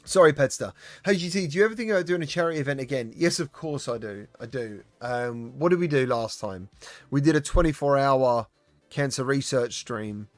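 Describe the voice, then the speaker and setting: A man's voice: mid-range voice, a little fast, no echo, soft background music. A British man live-streaming about VR gaming, chatting casually and greeting viewers by name, with lots of fillers and restarts.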